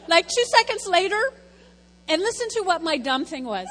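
High-voiced woman giving a rambling church talk. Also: big pitch swings, moderate pace, a bit bright, in a large hall, slight background noise, rough recording. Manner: chatty, rambling, self-deprecating. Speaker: lay speaker at church. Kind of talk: informal church testimony talk.

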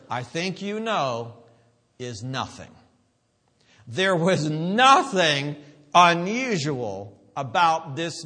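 A man with a Pennsylvania accent preaching a sermon, building to loud emphatic peaks and having the congregation repeat after him. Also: fairly high pitch, big-room sound.

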